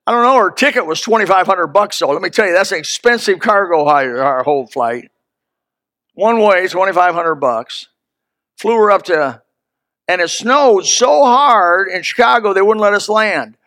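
A man preaching a sermon, telling folksy stories with sudden loud emphatic peaks. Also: sits high, expressive, moderate pace, dry recording, clean studio sound. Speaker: pastor.

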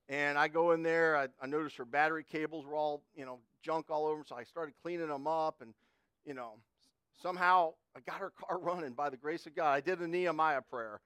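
A middle-aged man delivers a sermon in a folksy, chatty way, pausing and restarting as he tells a story from his own life. His voice sits a little higher than most men's. The sound is dry and close, with no room echo. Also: a bit bright, clean tone. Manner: folksy, conversational, repeats and restarts words. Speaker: preacher.

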